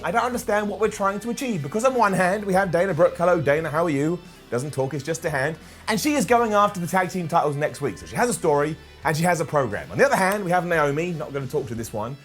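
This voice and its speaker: A man's voice: sits high, a bit bright. A man giving a casual, joking wrestling review with sarcastic asides. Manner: jokey, sarcastic asides, quick voices for quotes.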